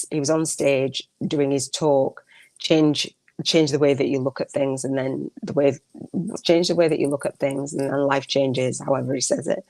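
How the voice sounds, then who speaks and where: A woman's voice: extremely low pitch, a little mellow, no echo. A woman hosting a podcast, talking in a rambling, heartfelt way and often correcting herself mid-sentence. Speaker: podcast host. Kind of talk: casual monologue.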